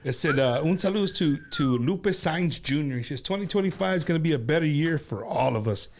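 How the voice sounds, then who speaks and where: A man hosting a casual interview show, chatting in a relaxed way with frequent restarts. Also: a little high, brisk. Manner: relaxed, repeats and restarts words. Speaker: host.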